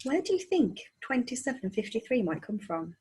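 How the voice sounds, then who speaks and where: A woman teacher reading a chapter book aloud to children, expressive and engaging. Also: a little high, brisk, husky. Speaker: primary school teacher.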